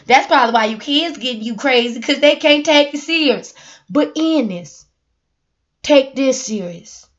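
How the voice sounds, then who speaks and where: A woman's voice: high voice, animated, a little slow, a bit bright. Young woman preaching a playful mock prayer. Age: 20s. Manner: preacher-like cadence, repeats "Lord" and "you said it", laughs at herself. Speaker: vlogger. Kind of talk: comic mock prayer and casual pep talk. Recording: dull lo-fi recording.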